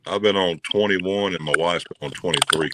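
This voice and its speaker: A man from South Mississippi with a Southern accent and a very deep voice, chatting easily as a guest on a live stream. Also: fairly quick, noisy background. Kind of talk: casual chat.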